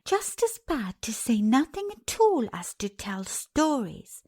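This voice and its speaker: A woman voicing a young princess girl who speaks quietly and with dignity. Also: fairly high pitch, sing-song, takes it slowly, voice pushed up, heavily acted. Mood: quietly firm.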